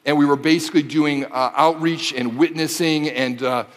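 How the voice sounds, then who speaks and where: A man's voice: a little high, steady tone, normal speed, in a large hall. A man in his forties from the Detroit area preaching a sermon, building to impassioned repeated phrases and mixing in casual asides to the audience. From Michigan, Detroit area. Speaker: pastor.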